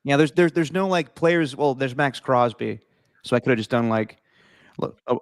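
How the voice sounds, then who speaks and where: A man co-hosting a casual sports podcast, loose and animated, with casual swearing. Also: mid-range voice, moderate pace, no room sound. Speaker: podcast co-host.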